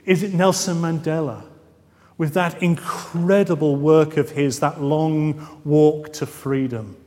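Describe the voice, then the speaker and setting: A man preaching a sermon, measured and emphatic, drawing out key phrases. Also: on the high side, darkish tone, in a large hall. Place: church.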